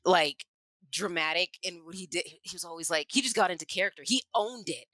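A woman co-hosting a casual chat, animated and quick to laugh. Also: fairly low pitch, dry recording, poor audio. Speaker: podcast co-host.

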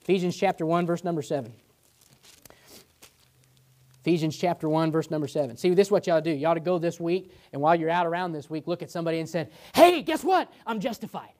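A man's voice: fairly high pitch, steady tone, racing, hardly any pauses, darkish tone. A man preaching a sermon as pastor in a Midwestern American accent, folksy and joking, with frequent amens and asides to the congregation.

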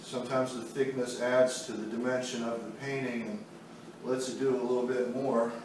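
A man's voice: mid-range voice, level tone, normal speed, a little mellow. A man walking through a painting demonstration step by step, in an easygoing way while he works. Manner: easygoing, talks while working. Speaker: art instructor. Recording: very echoey room, mic far off, faint noise.

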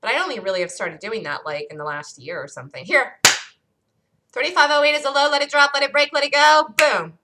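A woman hosting a live day trading room, excitedly calling trades as they happen, her voice getting worn from talking loud. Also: sits high, quick pace. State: losing her voice. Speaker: day trading show host.

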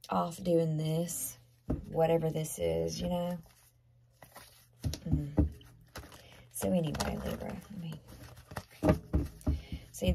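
A woman giving a tarot card reading to viewers, talking earnestly and conversationally, often dropping into soft half-whispers. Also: low-pitched, vocal fry, slightly rough. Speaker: tarot reader.

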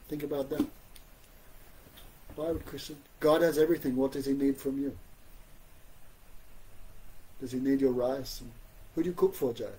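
A man giving an informal religious class, conversational and gently humorous, often asking his listeners "you know?". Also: medium pitch, slightly rough, poor audio. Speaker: spiritual teacher giving a class.

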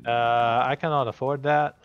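A man's voice: medium pitch, fairly even intonation, normal speed, clean tone, lo-fi sound. A man from Scotland chatting casually and teasing while playing a game with a friend. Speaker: co-player. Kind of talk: casual gaming chat.

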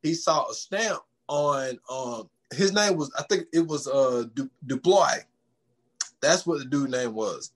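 A man's voice: mid-range voice, lively intonation, measured pace. A man hosting a podcast, recapping a film in casual, profane chat, retelling scenes with quoted dialogue.

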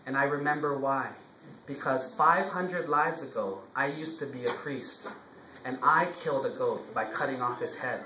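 A man voicing a calm, forgiving male goat in a spoken story, in a gentle storytelling voice. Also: mid-range voice, moderate pace, reverberant, a little hiss or hum, natural voice, poor audio.

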